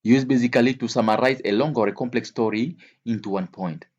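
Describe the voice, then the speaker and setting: Man teaching slowly, repeating himself. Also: medium pitch, darkish tone, breathy edge, muffled recording. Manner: slow, repeats words and examples. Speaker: English teacher. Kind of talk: explaining vocabulary to learners.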